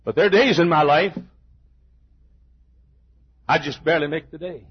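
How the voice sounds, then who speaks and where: An older man preaching a sermon, emphatic, with stammered restarts and shouted peaks. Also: a little high, moderate pace, slightly rough, lo-fi sound.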